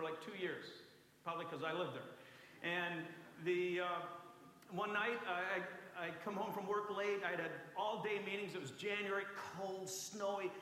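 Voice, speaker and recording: Bright high-voiced preacher in an echoey hall. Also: male voice, slight background noise. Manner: conversational, self-mocking, animated storytelling. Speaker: pastor. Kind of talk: storytelling sermon. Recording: echoey hall with faint ambience.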